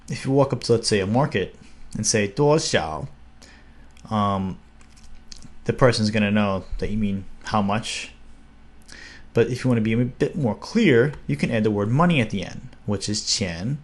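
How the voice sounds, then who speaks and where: A young man giving a casual, upbeat video lesson, slowing down to spell out words. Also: lowish voice. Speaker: language teacher.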